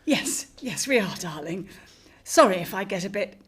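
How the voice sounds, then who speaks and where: A woman's voice: medium pitch, expressive, normal speed, a bit bright, slightly rough. An actress playing a middle-aged mother who fusses over her daughter in a doting, teary way in a radio drama. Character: fussy emotional widowed mother.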